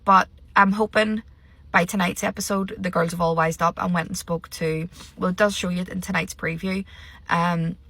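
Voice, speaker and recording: A woman's voice: fairly low pitch, fairly even intonation, moderate pace, a bit bright. A woman ranting sarcastically and with lots of swearing while filming herself on her phone in a parked car. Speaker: vlogger reviewing a reality show. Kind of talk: casual ranting commentary. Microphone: phone held at arm's length.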